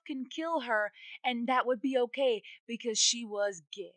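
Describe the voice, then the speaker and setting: A woman co-hosting a podcast talks in a lively, ranting way, swearing as she gets worked up. Her voice is dry and close, with no room sound. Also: fairly high pitch, unhurried, hardly any pauses, no echo, low-quality recording. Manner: animated, ranting, swears freely. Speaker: podcast co-host. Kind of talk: casual chat.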